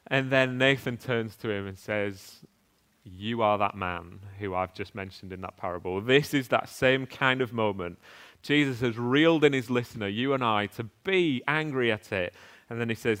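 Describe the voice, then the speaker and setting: A man giving a sermon with a smooth, resonant voice. He talks earnestly and conversationally, reading scripture aloud, stumbling over restarts now and then, and putting rhetorical questions to the congregation. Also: mid-range voice, expressive, normal speed, fairly bright tone. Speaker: preacher.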